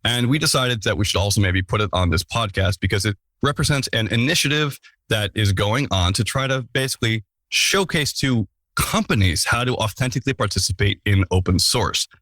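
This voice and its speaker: A man's voice: fairly low pitch, animated, a little fast, bright, forceful tone, no echo. A man hosting a casual podcast, introducing the episode and guests with playful, self-mocking asides. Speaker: podcast host.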